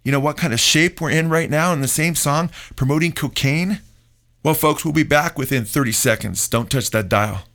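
A man's voice: on the high side, normal speed, fairly bright tone. Middle-aged man, pastor, radio talk host, emphatic, preachy, keeps saying folks. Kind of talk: radio talk show commentary.

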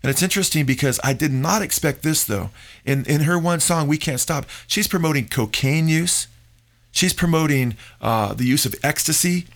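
A man's voice: fairly high pitch, normal speed, a bit bright. A middle-aged man, a pastor hosting a radio talk show, preaching emphatically and calling his listeners folks.

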